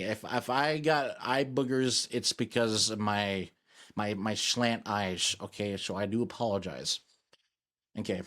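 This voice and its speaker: A man's voice: mid-range voice, a little slow, fairly bright tone. Rambling, jokey male streamer. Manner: rambling, self-mocking and jokey. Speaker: VTuber streamer. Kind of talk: casual live-stream chat while gaming.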